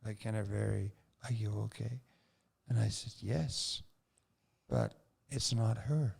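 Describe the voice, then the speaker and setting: A man's voice: lowish voice, measured pace, gravelly, a little mellow, slightly rough. A man, a city councillor, telling a funny personal anecdote as a guest in a casual interview. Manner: laughing, anecdotal.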